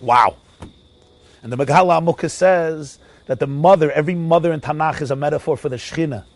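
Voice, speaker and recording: A man giving an animated, sing-song Torah lecture. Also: a little high, a little fast. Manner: animated, sing-song preaching with Yiddish and Hebrew terms. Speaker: rabbi teaching a Torah class.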